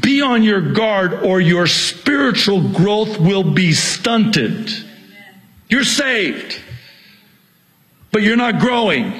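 A man's voice: sits high, fairly bright tone, low-quality recording. A middle-aged male pastor preaching a sermon, exhorting and repeating his key points, with jokes at his own expense.

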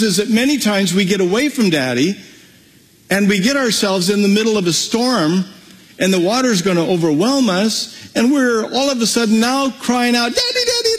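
Husky-voiced man preaching in an echoing hall. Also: high voice. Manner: animated storytelling, acts out voices. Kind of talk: sermon.

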